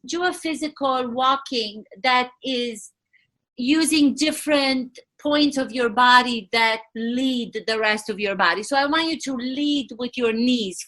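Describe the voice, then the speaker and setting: A woman with a Romanian accent hosts a podcast as an acting coach, giving energetic directions. Her voice is high and bright.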